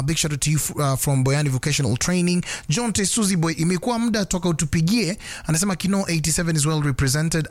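Brief: Kenyan male radio host, upbeat and teasing, fast shout-outs, close dry mic. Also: on the high side, no echo. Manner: lively, teasing, rattles off names and numbers. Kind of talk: casual radio chat with listener shout-outs.

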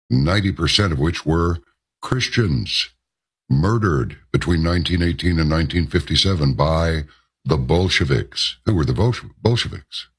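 A man's voice: very deep voice, lively intonation, normal speed, husky. A man hosting a talk radio show, delivering an emphatic, rambling monologue full of asides and rhetorical questions.

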